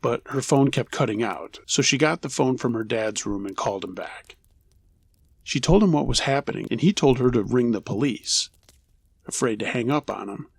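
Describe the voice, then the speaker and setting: A man narrating true scary stories in a low, steady storytelling voice. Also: normal speed, creaky, slightly rough, no room sound.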